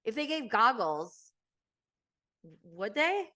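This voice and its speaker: Animated chatty woman podcast host. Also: fairly high pitch, slow pace. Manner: chatty and animated, laughs often, filler-heavy. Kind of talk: casual chat recapping reality TV.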